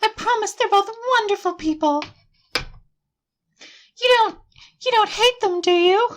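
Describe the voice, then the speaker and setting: A woman's voice: very high-pitched, takes it slowly, voice pushed up. A woman voicing a bubbly, cheerful teenage schoolgirl for a game, sweet and eager in a sing-song way. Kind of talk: live-stream voice acting of game lines.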